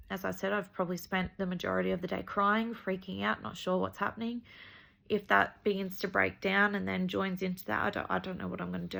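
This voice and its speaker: An Australian woman talking earnestly in a personal video diary, halting and repeating herself as she goes. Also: mid-range voice, gravelly, pushed and bright. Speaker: vlogger sharing her medical journey.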